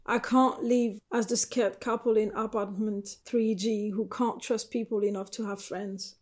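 A woman reading the lines of a tender but firm woman ending a relationship, in a soft pleading way. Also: medium pitch, fairly even intonation, measured pace, natural voice.

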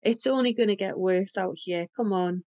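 Brief: woman playing a calm, protective friend; soft and coaxing. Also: mid-range voice, moderate pace, dull audio, lightly acted. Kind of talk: audiobook reading.

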